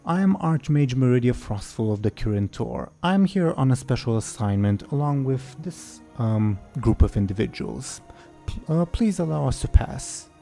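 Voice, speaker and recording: A man's voice: medium pitch, animated, normal speed, vocal fry, dark tone, soft background music, pitched above the performer's own voice. A man voicing a proud, haughty female archmage in a tabletop game, with a formal, commanding way of speaking.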